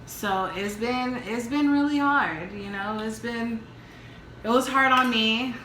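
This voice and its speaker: A woman co-hosting a casual mukbang vlog, talking openly and emotionally in halting restarts. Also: a little high, sharp tone, a little hiss or hum. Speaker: vlog co-host. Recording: echoey room.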